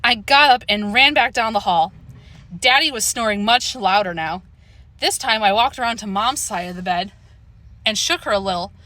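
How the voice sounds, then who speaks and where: A woman narrating a children's book with an expressive storytelling delivery, close to the mic. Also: mid-range voice, normal speed. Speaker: audiobook narrator.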